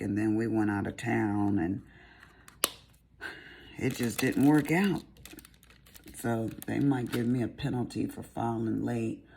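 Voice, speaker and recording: A woman's voice: rumbling low, vocal fry, mellow, a little hiss or hum. A middle-aged woman with a Southern American accent, chatting casually in a rambling, folksy way while she works on a craft. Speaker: crafting vlogger. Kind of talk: casual chat while diamond painting.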